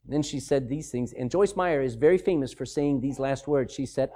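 A man preaching a sermon, animated and emphatic, with mocking, sarcastic asides. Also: mid-range voice, moderate pace, hardly any pauses.

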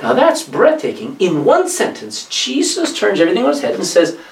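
A man preaching a sermon, reading scripture aloud and explaining it with lively asides. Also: high voice, fairly quick, vocal fry, roomy sound, far from the mic, low-quality recording.

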